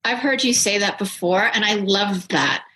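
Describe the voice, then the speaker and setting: A woman's voice: mid-range voice, moderate pace. Affirming woman podcast host. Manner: warm, affirming interviewer. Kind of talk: conversational interview.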